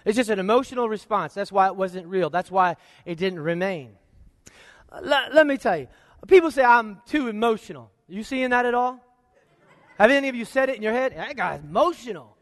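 A man with a very high voice preaches a sermon, stacking rhetorical questions and shifting between drawn-out phrases and rapid runs. His voice is close and dry on the mic, with a long reverb of a large sanctuary trailing behind it. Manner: preaching with rhetorical questions, varying pace and loudness. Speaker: pastor. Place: church sanctuary.

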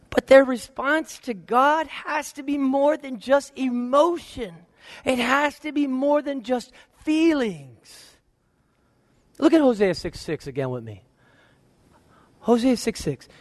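A male pastor preaching a sermon, firing rhetorical questions and swinging between slow, weighty phrases and quick bursts. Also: very high voice, dry recording, studio quality, big-room sound. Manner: preaching with rhetorical questions, varying pace and loudness. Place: church sanctuary.

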